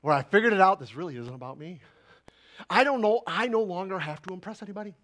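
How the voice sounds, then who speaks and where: A male pastor preaching a sermon with fervent bursts of loud emphasis that drop into quiet asides. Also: high-pitched, lively intonation, quick pace. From Italian heritage.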